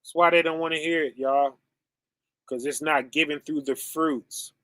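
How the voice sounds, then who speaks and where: High bright-voiced guy preaching on a stream, slow and chatty, keeps saying y'all and right, dry close sound. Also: fairly even intonation, dry recording. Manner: conversational, often ending with "right?" and "okay?"; addresses listeners as "y'all" and "fam".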